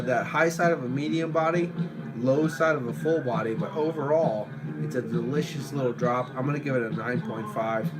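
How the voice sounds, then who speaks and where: A man casually reviewing a beer on a live stream at home, rambling, swearing, and now and then breaking into shouts at viewers. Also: medium pitch, rough recording.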